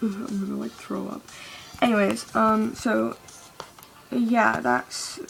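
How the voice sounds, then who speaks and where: A woman's voice: fairly high pitch, level tone, takes it slowly, creaky, faint music behind. A young woman venting in a rambling, profane monologue full of restarts. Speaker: vlogger.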